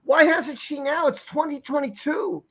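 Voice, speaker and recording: A man's voice: very high-pitched, moderate pace, a bit bright. A man hosting a live stream, asking rhetorical questions in a repetitive, casual way.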